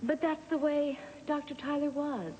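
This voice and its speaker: An actress playing a strong-willed grown daughter in a daytime soap opera, talking in an insistent, emphatic way. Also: female voice, sits high, fairly even intonation, moderate pace, darkish tone, in a large hall, muffled recording, a little hiss or hum, natural voice. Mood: consoling.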